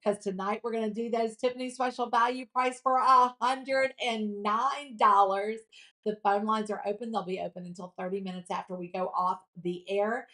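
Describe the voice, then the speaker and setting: A woman's voice: medium pitch, fairly even intonation, normal speed, pushed and bright. A woman, hosting a live shopping show, chatty and gushing as she reads viewer comments aloud. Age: 50s.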